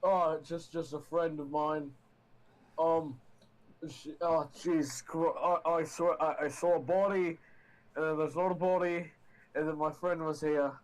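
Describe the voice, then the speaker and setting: A man's voice: on the high side, fairly even intonation, measured pace, natural voice, poor audio. A man voicing a panicky young dragonborn man who stammers and is flustered. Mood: panicked.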